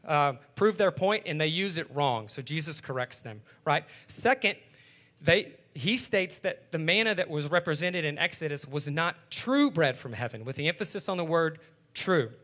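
A man with a fairly high, bright, forceful voice walks his listeners through a Bible passage. He explains it casually, like everyday talk, and keeps checking in with a quick "right?". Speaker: Bible teacher. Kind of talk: conversational Bible teaching.

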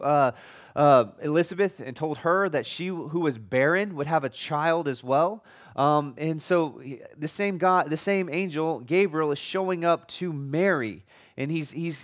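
Conversational preacher man, slightly higher voice. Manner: conversational, repeats and restarts words, jokey asides. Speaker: pastor. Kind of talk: sermon.

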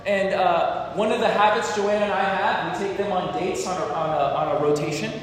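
A man's voice: sits high, steady tone, a little fast, in a large hall, a little hiss or hum. A man preaching a sermon in a conversational way, asking the congregation questions. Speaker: pastor.

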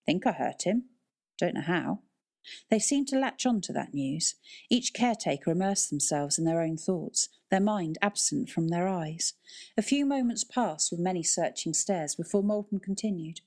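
Calm woman reading an audiobook. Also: fairly low pitch, moderate pace. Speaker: audiobook narrator. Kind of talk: scripted narration.

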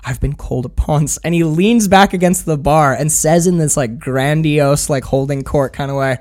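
Animated man in casual film chat. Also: a little high, moderate pace. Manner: animated, swears, acts out quoted lines. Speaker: podcast co-host.

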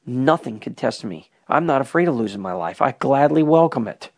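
In a medium-pitched, expressive voice with a darkish tone, a father records his spoken prayer journal at normal speed with hardly any pauses. He's earnest, emotional and soul-searching.

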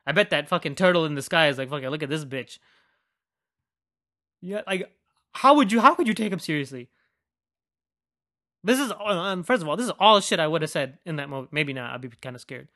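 Animated young man ranting, constant swearing. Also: a little high, fairly quick. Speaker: podcast host. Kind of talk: casual profane movie rant.

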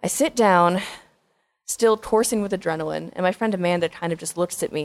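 A woman's voice: on the low side, vocal fry. Woman telling a comic story. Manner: lively, self-deprecating, dramatic pauses. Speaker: comedian and storyteller.

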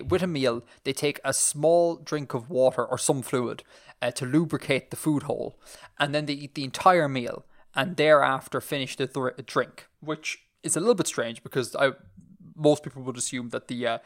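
Rambling Irish podcast host, man. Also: mid-range voice. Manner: rambling, many fillers and restarts. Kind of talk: casual chat.

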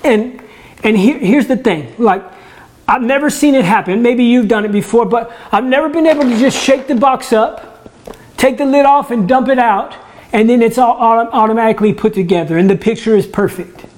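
Speaking from his own home, a church ministry leader gives a casual sermon in a very high, slightly mellow voice at a moderate pace. His delivery is conversational; he often restarts words and pokes fun at himself.

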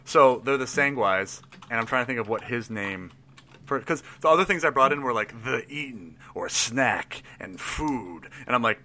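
A man with a bright, forward voice talks casually about a tabletop role-playing character. He thinks aloud, rambling with restarts and little laughs. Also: medium pitch, expressive, measured pace. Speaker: player building a tabletop character. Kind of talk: casual chat.

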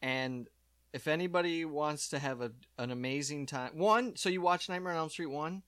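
A man hosting a casual chat, joking and animated as he retells films. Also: fairly high pitch, normal speed, clear, resonant tone, dry recording, studio quality. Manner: animated, joking, puts on voices for comic bits. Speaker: podcast host.

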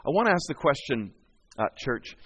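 A man's voice: medium pitch, moderate pace, husky. A male pastor giving a conversational sermon in a church, acting out quoted voices as he goes. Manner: animated, conversational, acts out quotes.

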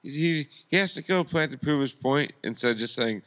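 A man's voice: medium pitch, lively intonation, brisk, pushed and bright, muffled recording. A man co-hosting a casual chat, rambling and correcting himself as he goes. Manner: rambling, self-correcting, apologetic. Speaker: podcast co-host.

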